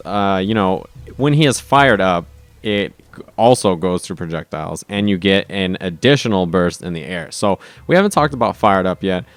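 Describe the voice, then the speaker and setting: A man casually explaining a fighting game character's moves over gameplay, upbeat and full of quick asides and "right?". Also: fairly low pitch, clear, resonant tone. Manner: casual, enthusiastic, frequent "right?" and restarts. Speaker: fighting game video host. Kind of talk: gameplay commentary tutorial.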